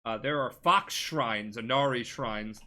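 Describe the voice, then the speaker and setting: This time the tipsy podcaster speaks in a mid-range voice at a measured pace, sounding pushed and bright. He meanders through a comedic video game anecdote, cursing a lot and breaking off to restart words.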